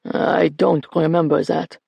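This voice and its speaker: Narrator doing a cranky elderly ex-cop, grumbling, curt, slow and low, gravelly, dry studio sound. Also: male voice, flat delivery, a little mellow, dry recording, full character voice. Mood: grumpy, wary. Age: older. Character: irritable elderly man, former police officer.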